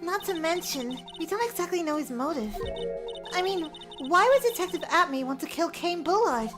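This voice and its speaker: A woman putting on a high, squeaky voice to read young game characters aloud over game music. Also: expressive, moderate pace. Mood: soft. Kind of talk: reading visual novel lines aloud. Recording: game music playing behind.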